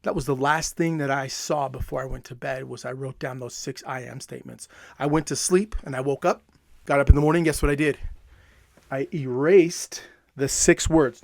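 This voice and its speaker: A man giving an energetic, emphatic motivational talk, repeating phrases for effect. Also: a little high, moderate pace, creaky, dry recording. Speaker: self-help coach.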